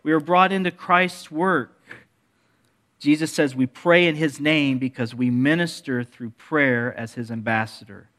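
A man preaching a sermon as pastor, dropping to hushed asides and rising into emphatic appeals, with joking asides to the congregation. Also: a little high, a little slow.

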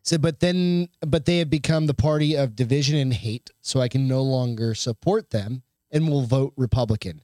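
A man's voice: medium pitch, moderate pace, hardly any pauses, dark tone, no echo, studio quality. A man co-hosting a casual podcast over drinks, swearing freely and reading news aloud in a sarcastic tone. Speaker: podcast co-host. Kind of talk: casual bar-style podcast chat.

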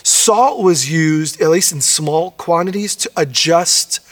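Male pastor, somewhat high voice, casual but emphatic sermon delivery, big reverberant room. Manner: conversational, emphatic, slows down on key phrases. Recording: long reverb of a large hall.

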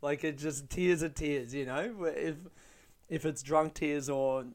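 A man's voice: a little high, steady tone, slow, a little mellow. A young man hosting a casual solo podcast, rambling with frequent swearing and laughing at his own jokes. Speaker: podcast host.

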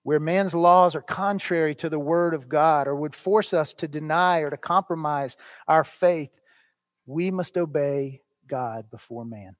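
A man with a slightly high voice preaches an earnest sermon. He swings from loud, stressed phrases down to hushed lines. The sound is dry and close, with no room echo. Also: measured pace. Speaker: pastor.

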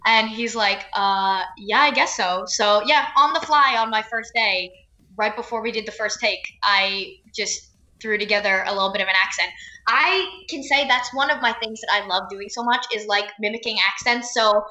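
A woman's voice: fairly high pitch, normal speed, pushed and bright, roomy sound, highs cut off. A young actress from New Jersey, chatting in an interview, laughing often and filling her talk with "like" and "um". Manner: chatty, laughing, many fillers like "like" and "um". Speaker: actress guest. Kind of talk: casual interview chat.

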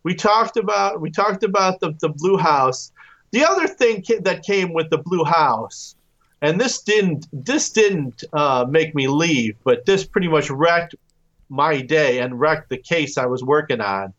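A man telling his own stories as a guest in a casual interview, easygoing and quick to chuckle. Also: on the high side, animated, fairly bright tone, lo-fi sound. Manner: easygoing storyteller, chuckles often. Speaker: podcast guest.

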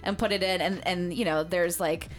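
A woman in her thirties on a podcast, casually telling animated stories about her family. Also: fairly low pitch, normal speed, faint music behind. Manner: storytelling, animated. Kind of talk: casual chat.

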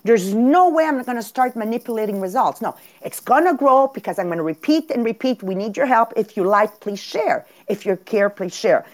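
A woman with a Quebec French accent, hosting a podcast and giving an emphatic motivational talk over a video call, repeating her points. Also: medium pitch. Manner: animated, emphatic, repeats herself. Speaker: podcast host.

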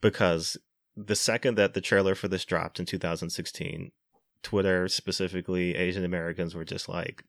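A man's voice: deep voice, little pitch movement, normal speed, gravelly, a bit bright, no echo. A man hosting a casual podcast chat, laughing often as he asks his guests questions. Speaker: podcast host.

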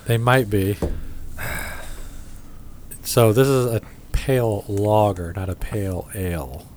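A man's voice: on the low side, steady tone, takes it slowly, darkish tone, slight background noise. Profane joking Midwestern man. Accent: Midwestern American. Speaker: podcast host reviewing beers. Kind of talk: casual chat.

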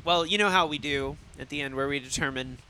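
A man's voice: on the high side, a little fast, bright, forceful tone, slight background noise. A man co-hosting a film podcast, talking in a rambling, casual way and swearing freely. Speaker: podcast co-host. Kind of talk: casual chat.

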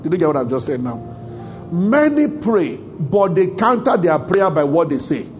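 A man's voice: on the high side, big pitch swings, moderate pace, muffled recording, soft background music. A man from Africa, a pastor preaching a sermon at a church service, chuckling often and acting out bits of dialogue. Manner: humorous, chuckling often, acts out quoted dialogue.

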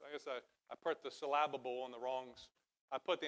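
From a church stage, a middle-aged pastor delivers a sermon, beginning conversationally before building to loud, emphatic passages. His voice has a medium pitch and a steady tone, and he speaks at a quick pace.

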